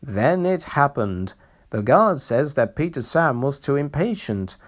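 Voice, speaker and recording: Someone reads a children's railway storybook aloud, slowly and expressively, with a lively pitch.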